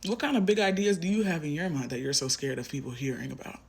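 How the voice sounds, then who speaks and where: Husky man giving a fiery reading. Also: a little high, steady tone, fast talker. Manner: impassioned, emphatic, repeats phrases, swears. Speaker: tarot reader. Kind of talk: collective tarot reading, speaking to viewer.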